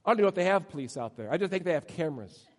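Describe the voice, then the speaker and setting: A man's voice: sits high, expressive, rapid-fire. A man preaching a sermon as pastor, telling humorous self-deprecating stories. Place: church sanctuary. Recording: long hall reverb.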